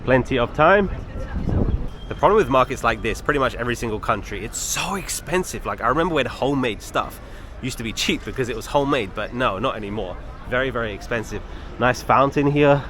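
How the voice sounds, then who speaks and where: His mid-range voice is fairly bright, with lively intonation and a brisk pace. The young man is a travel vlogger walking outdoors on city streets, filming handheld and casually chatting to his viewers, while traffic and street noise hum faintly behind.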